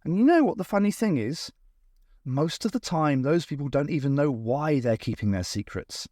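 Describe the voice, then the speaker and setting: Man voicing a quick, theatrical alien traveller with a lively lilt. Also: on the high side, no room sound, studio quality. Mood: grave. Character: brisk eccentric male time traveller, confident and theatrical.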